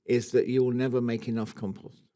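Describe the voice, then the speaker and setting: A man's voice: mid-range voice, flat delivery, fairly quick, mellow. A man with a Scottish accent co-hosting a gardening podcast, chatting casually, with asides and restarts. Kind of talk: casual chat.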